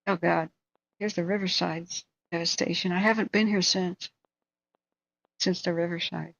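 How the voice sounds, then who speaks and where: A woman's voice: lowish voice, creaky, fairly bright tone, breathy edge, no room sound. A woman hosting a live stream, chatting casually and thinking aloud as she tells a story. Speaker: livestream host. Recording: dull, dry lo-fi sound.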